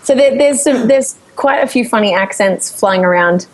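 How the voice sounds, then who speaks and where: Australian woman guest, bit high pitched, chatty and animated, laughs a lot while telling stories. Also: moderate pace, slight background noise, poor audio. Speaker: guest singer-songwriter and vocal coach. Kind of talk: casual interview chat.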